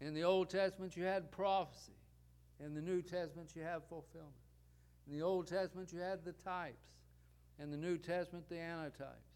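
Male preacher, sermon delivery, clear resonant tone a touch above average pitch, uses repetition and rhetorical questions. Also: steady tone, a little fast, a little mellow. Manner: rhetorical questions and repeated parallel phrases.

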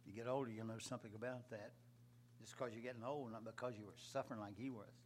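Male preacher, mid-pitched, delivers a sermon with big loud swells and quiet drops over a faint hum. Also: fairly even intonation, fast.

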